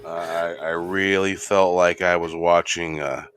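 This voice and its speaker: A man hosting a casual movie chat who talks in a relaxed way and often repeats words as he starts a sentence. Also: low voice, measured pace, a little hiss or hum. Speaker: podcast host.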